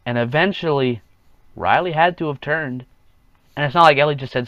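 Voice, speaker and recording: A man's voice: fairly high pitch, moderate pace, long pauses, no room sound, highs cut off. A man hosting a casual solo podcast, rambling along, chuckling at his own jokes and acting out quotes in offhand voices. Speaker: podcast host.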